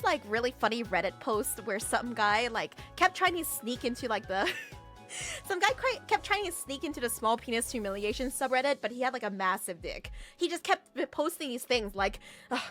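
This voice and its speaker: A young woman streamer talks to her chat in a loose, teasing way, often dissolving into laughter. Her voice is high and bright and leaps all over the place. Faint music plays behind her. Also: sing-song, brisk. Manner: giggly, teasing, bursts into loud laughter. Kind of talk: casual livestream chat.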